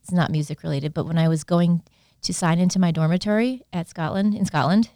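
Chatty musician woman, lowish voice. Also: a little fast, no echo, clean studio sound. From Iowa. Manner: chatty and animated, laughs easily, spells words out. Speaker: guest musician. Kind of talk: casual interview chat.

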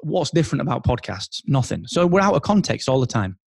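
A man talking as a guest on an interview podcast, animated and thinking aloud with restarts. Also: medium pitch, brisk, vocal fry, no echo, studio quality. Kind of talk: casual interview chat.

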